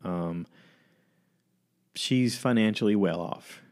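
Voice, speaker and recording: A man telling a long story in a casual chat, animated and acting out the quoted voices. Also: lowish voice, takes it slowly.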